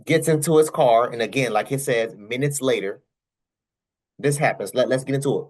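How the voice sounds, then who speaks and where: A man's voice: medium pitch, moderate pace. A young man hosting his channel, giving casual commentary on news clips. He talks straight to his viewers, repeats himself and fires off rhetorical questions. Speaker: channel host.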